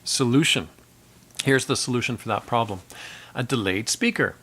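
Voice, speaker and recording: A man sits telling war stories from years of mixing live sound. His delivery is casual and rambling, and he keeps slipping into quick impressions of the people who bothered him. He is good-humored about his own mistakes. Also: medium pitch, lively intonation, sharp tone, husky. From Canada. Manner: chatty, self-deprecating, acts out quoted people in raised voices. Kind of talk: casual storytelling to camera.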